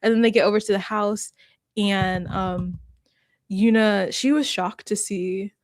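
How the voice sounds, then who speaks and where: A woman's voice: mid-range voice, fairly even intonation, measured pace, dry recording, clean studio sound. A woman hosting a casual reaction chat, talking with laughs and acting out quotes. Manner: chatty, laughs often, acts out quotes. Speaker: host.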